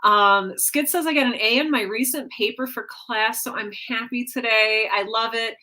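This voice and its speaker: On her weekly home livestream, a woman chats with her viewers in a rambling way, full of fillers and self-corrections. Her voice is fairly high and sharp, at a moderate pace.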